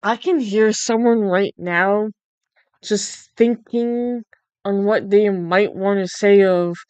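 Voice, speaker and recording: A woman's voice: mid-range voice, slow pace, darkish tone, smooth, dry recording. A young woman livestreamer chatting casually, incredulous and swearing freely. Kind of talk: casual chat while drawing.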